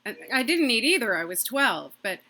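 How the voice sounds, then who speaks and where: A woman doing a stand-up comedy set from her own microphone on a video call, delivering quick, punchy jokes and laughing at her own lines. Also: on the high side, sing-song, heavy background noise. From Massachusetts.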